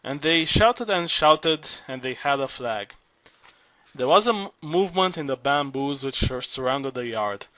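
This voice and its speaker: Bright-voiced man reading an audiobook. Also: mid-range voice, expressive, dry recording, lo-fi sound. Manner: measured reading with small stumbles and restarts. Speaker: audiobook reader. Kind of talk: audiobook narration.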